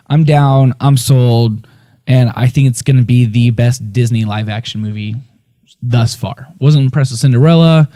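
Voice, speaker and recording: A man co-hosting a casual movie chat show, excitable and jokey. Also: medium pitch. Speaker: podcast co-host.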